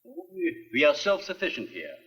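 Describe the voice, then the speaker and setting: An earnest older scientist from a 1950s film, formal and eager to explain. His husky voice rises and falls with lively expression as he lays out his work. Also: on the high side, moderate pace, big-room sound, muffled recording, full character voice. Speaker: scientist running an island lab.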